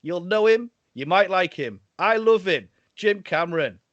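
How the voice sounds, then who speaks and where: A man's voice: high-pitched, animated, moderate pace, fairly bright tone, no room sound. Jokey man hosting. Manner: jokey, laughs often, restarts a lot. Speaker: podcast host. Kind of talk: casual chat. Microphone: video call. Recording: dry, slightly dull audio.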